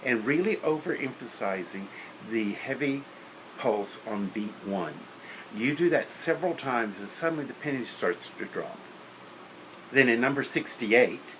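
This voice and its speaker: A man's voice: medium pitch, expressive, a little slow, a bit bright, slight background noise, rough recording. A man lecturing on teaching beginner band, practical and opinionated, counting and singing rhythms aloud. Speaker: music teacher.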